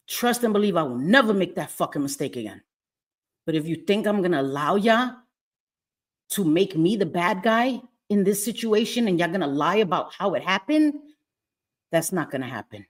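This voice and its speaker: A middle-aged woman hosting a livestream, angry and profane, repeating herself as she talks to her chat. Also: on the low side. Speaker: livestream host. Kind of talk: heated livestream rant. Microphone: webcam or phone.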